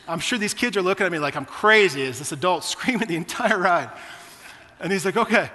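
A man's voice: sits high, expressive, fairly quick, sharp tone, long reverb tail, slight background noise. A man in his forties preaching a sermon, telling personal stories in a conversational way to his church. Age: 40s. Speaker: pastor.

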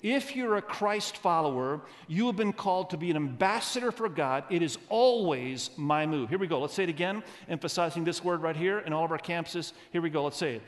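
A man preaching a sermon as pastor, animated and leading the congregation in call-and-response. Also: fairly high pitch, fast talker, few pauses. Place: large church. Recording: church sound with long hall reverb.

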